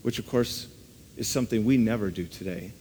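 A man's voice: lowish voice, fairly quick, a little mellow, slight background noise. A man preaching a sermon in an earnest, conversational way, often turning statements into rhetorical questions. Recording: long reverb of a large hall.

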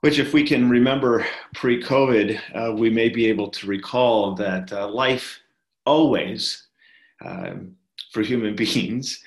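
A man giving a sermon as a pastor, talking in a slow, gentle, reflective way with many fillers and pauses. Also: medium pitch. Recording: echoey room.

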